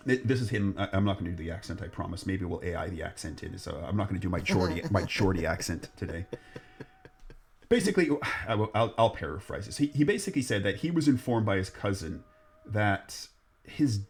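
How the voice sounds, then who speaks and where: A man's voice: deep voice, big pitch swings, brisk, darkish tone. A man hosting a podcast, telling a ghost story in a rambling, jokey way. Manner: rambling, jokey, restarts often. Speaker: podcast host. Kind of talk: casual storytelling chat.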